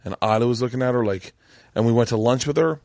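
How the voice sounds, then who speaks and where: A male podcast host with a mid-range, darkish voice speaks at a quick pace in a dry, clean studio recording. He chats casually and tells a profane story, acting out the people in it with quoted voices.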